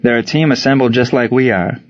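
A composed male wartime baseball coach, read by a man, speaks in plain, measured sentences meant to steady his players. The voice sits at an everyday middle pitch. The recording is slightly dull and lo-fi. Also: close to an everyday voice. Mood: calm.

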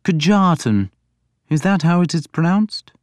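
A man voicing a mild but stern scholarly king in an audiobook, speaking in a measured way. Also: mid-range voice, expressive, a little mellow, clear, resonant tone, no room sound, studio quality, voice pushed up, close to an everyday voice. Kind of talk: audiobook character voice.

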